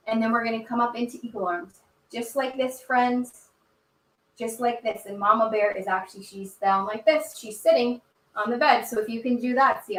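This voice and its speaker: Woman kids-yoga teacher, cheerful and encouraging, higher bright voice, echoey room, camera mic. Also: far from the mic. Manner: encouraging, cheerful, speaks to children. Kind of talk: storytime reading with yoga instruction.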